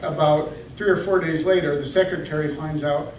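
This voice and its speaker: A man from Michigan doing a self-deprecating stand-up comedy set in a comedy club, now and then jumping into high yelping voices. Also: fairly even intonation, normal speed, a crowd in the background. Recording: echoey club from a distant camera.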